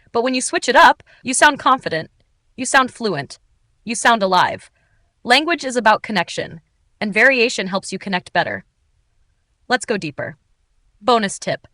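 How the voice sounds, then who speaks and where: A woman teaching English in an upbeat, clearly articulated, scripted narration. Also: a little high, pushed and bright, no room sound.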